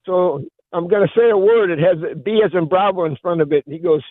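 An older man calling in to a radio show, telling jokes with frequent chuckles and halting restarts. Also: sits high, no echo. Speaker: caller. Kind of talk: casual call-in chat. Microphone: phone. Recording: tinny phone line.

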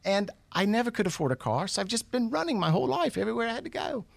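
A man voicing a cheerful, poor old Australian farmer with an eager, folksy way of talking, in a deliberately rough Australian accent. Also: high-pitched, very animated, no echo, pitched above the performer's own voice, heavily acted.

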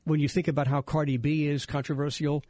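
A man's voice: a little high, flat delivery, fast, a little mellow, no echo, studio quality. A middle-aged man hosting a radio talk show, rambling and restarting his sentences as he tells stories. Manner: rambling, self-interrupting storyteller.

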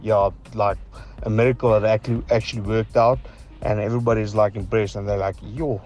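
A man's voice: lowish voice, steady tone, fairly quick, a little mellow, faint music behind. A man calling in to a radio show with a casual voice note, rambling through fillers as he tells his answer. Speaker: caller.

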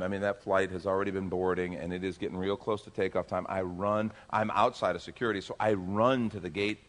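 Animated man preaching with a story. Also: fairly low pitch. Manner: animated, acts out dialogue in the story. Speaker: pastor. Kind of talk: sermon storytelling. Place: church.

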